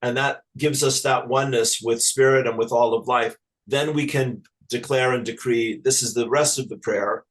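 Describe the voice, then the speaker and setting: A man from Ireland, a spiritual teacher talking as an interview guest in a halting, earnest, affectionate way with many restarts. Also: mid-range voice, fairly even intonation, low-quality recording. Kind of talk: casual spiritual interview chat.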